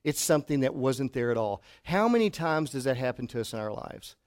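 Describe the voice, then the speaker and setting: A middle-aged pastor preaching a sermon to his congregation, telling stories and dropping to a hush for emphasis. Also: medium pitch, very animated, fairly quick. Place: church hall before a congregation.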